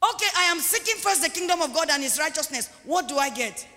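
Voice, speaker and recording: A man's voice: extremely high pitch, animated, fast, pushed and bright, exaggerated voice. A man voicing an eager male churchgoer who pleads and presses for his reward. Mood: pleading. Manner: pleading, insistent questions. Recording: long church hall reverb.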